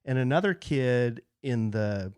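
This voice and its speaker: A man co-hosting a podcast tells a story with an animated, swinging delivery and keeps slipping into the voices of the people in it. He is recorded close, with a dry, tight sound. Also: medium pitch, a little slow, clear, resonant tone, dry recording. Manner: animated storyteller, acts out quoted voices, laughs often. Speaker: podcast co-host. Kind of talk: casual chat, storytelling. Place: podcast studio.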